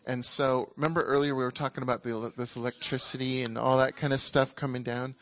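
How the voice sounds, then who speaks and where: A man preaching in a relaxed, conversational way and leading a congregation in prayer. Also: mid-range voice, fast talker, no echo. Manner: ecstatic, exclaiming and laughing during prayer. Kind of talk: charismatic sermon and prayer ministry.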